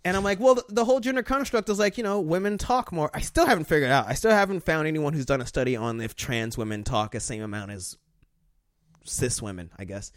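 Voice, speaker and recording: Man, casual podcast chat, rambling and crude, higher-pitched, dry close sound. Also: quick pace, no room sound. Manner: rambling, crude, acts out voices in stories.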